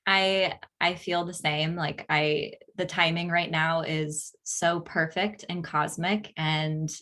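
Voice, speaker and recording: Bright gushing woman guest. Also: low-pitched, fairly even intonation, slow pace. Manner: warm and gushing, sincere. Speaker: guest astrologer. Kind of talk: casual chat.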